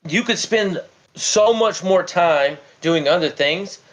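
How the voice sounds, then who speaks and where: A livestream host with a high-sitting, slow voice argues heatedly, stammering and repeating himself as he tells a story. The stream audio is dull and lo-fi.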